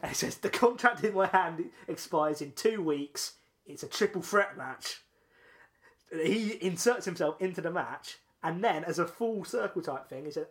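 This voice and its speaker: A man co-hosting a podcast, telling a long story in casual chat, excitable and full of restarts and laughs. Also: a little high, normal speed. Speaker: podcast co-host.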